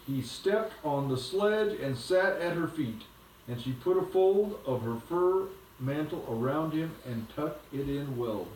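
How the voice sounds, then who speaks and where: A man's voice: fairly high pitch, animated, measured pace, darkish tone, recorded from a distance, slight background noise. Man reading a bedtime story in an echoey room.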